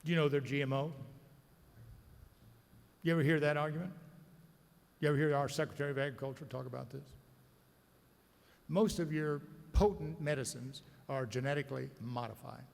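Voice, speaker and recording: A man's voice: fairly high pitch, steady tone, fairly quick, gravelly, pauses often, darkish tone. A man, an agricultural lawyer, giving a blunt, combative, sardonic conference speech to a room of listeners. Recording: reverberant conference hall.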